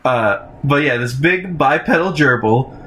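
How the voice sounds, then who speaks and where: A man chatting casually, recapping a cartoon episode with many fillers and restarts. His pitch is ordinary for a man. A faint noise sits under the voice. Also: animated, measured pace, bright, forceful tone. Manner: rambling, lots of fillers, laughs easily.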